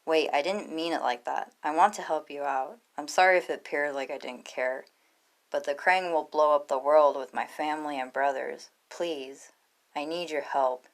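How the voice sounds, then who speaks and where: A woman's voice: low-pitched, moderate pace. A woman voicing an earnest, nervous teenage boy hero in a read-aloud story.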